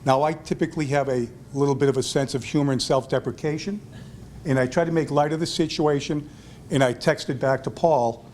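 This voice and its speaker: This man's voice is on the high side, steady and a little mellow, and he speaks a little fast over slight background noise. Accepting a hall of fame honor at a restaurant event, he tells a self-deprecating story and acts out the voices of its characters.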